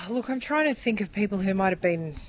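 A woman's voice: medium pitch, moderate pace, a little hiss or hum. Chatty woman co-host. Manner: chatty, storytelling, laughs easily. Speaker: radio co-host. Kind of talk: casual chat.

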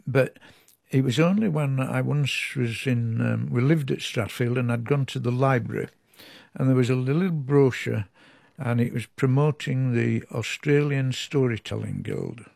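An older man from England, a storyteller, chatting as an interview guest in a chatty, animated way that often restarts sentences. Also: medium pitch, a little slow, gravelly, no room sound, studio quality. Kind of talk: reflective interview.

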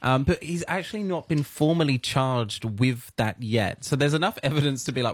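A man from the United Kingdom co-hosting a casual news chat, animated and giggly with quick asides. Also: medium pitch, no room sound. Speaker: co-host.

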